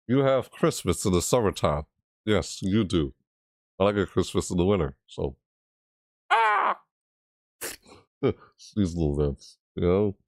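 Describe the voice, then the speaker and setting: A man who makes gaming videos, chatting casually to camera, reading out viewer messages and answering them in a rambling way, with sudden high yelps. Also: a little mellow, no echo, studio quality. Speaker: gaming YouTuber reacting to trailers and chat.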